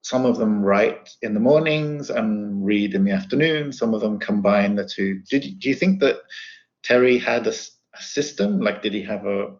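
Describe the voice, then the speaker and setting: A man interviewing a guest, asking questions hesitantly with many fillers and pauses. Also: lowish voice, muffled recording. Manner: hesitant, fillers and throat clearing. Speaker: interviewer, academic.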